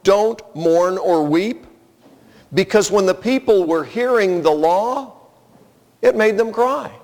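A man preaching a sermon as pastor, earnest and conversational, telling personal stories to his congregation. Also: sits high. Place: church sanctuary. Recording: long reverb of a large hall.

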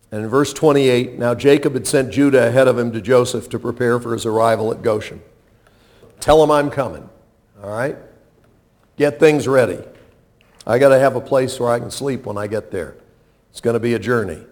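A man preaching a sermon in an expressive, conversational way, dropping to soft low lines and rising to loud emphatic peaks, often asking the congregation questions. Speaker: pastor.

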